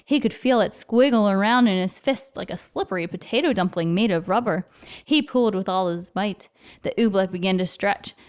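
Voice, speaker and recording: A woman reading a children's picture book aloud in an expressive, lively storyteller manner. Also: medium pitch, moderate pace, clean tone.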